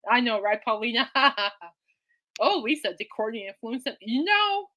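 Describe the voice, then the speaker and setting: Bright-voiced chatty woman host. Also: a little high, big pitch swings, moderate pace. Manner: chatty, giggly, reacts to listener comments. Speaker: podcast host. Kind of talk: casual rambling chat.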